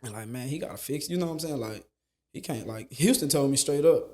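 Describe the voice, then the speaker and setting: This is a man who coaches and mentors young basketball players, sitting down for a relaxed interview. He speaks in a middle register with slangy, easy phrasing, and he circles back over the same words whenever a story gets good. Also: medium pitch, quick pace. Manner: animated storyteller, repeats phrases for emphasis, slangy. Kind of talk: casual interview talk.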